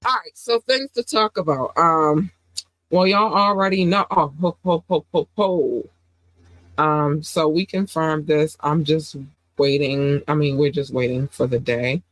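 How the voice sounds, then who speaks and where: A woman hosting a casual livestream podcast while under the weather, low on energy, talking in an affectionate, rambling way with lots of fillers. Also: a little slow, fairly bright tone, dry recording, poor audio. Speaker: podcast host.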